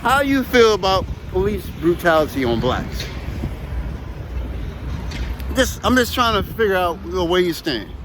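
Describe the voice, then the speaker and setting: A man with a high voice that swings up and down a lot talks casually while walking outside. He rambles, says things again for emphasis, and speaks with force. Faint street traffic hums behind him. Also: sing-song, unhurried, pauses often. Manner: rambling, emphatic, repeats himself. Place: outdoors on a walk.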